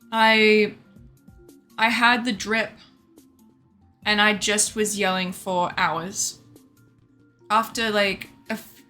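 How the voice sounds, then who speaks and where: A woman streamer casually telling her chat a story, animated and laughing often, acting out what others said and swearing freely. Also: medium pitch. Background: faint background music.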